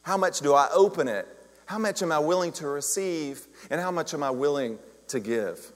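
A man's voice: fairly high pitch, moderate pace. Man preaching in a reverberant hall. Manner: chatty, self-deprecating humor, animated retelling. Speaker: minister. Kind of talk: conversational sermon with storytelling. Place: church sanctuary. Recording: long reverb of a large hall.

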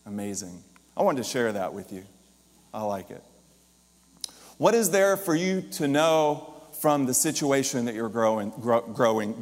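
A minister preaching a lively sermon, his loudness rising and falling, with joking asides. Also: mid-range voice. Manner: lively, jokey preacher with shifting volume. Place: church or hall. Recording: long reverb of a large hall.

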